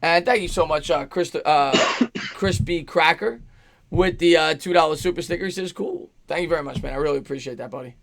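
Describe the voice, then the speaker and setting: Man, high voice, hoarse, upbeat stream host, calls plays, thanks chat donors. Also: fairly quick. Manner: upbeat, reads out super chats and calls plays. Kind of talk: live play-by-play stream with chat shout-outs.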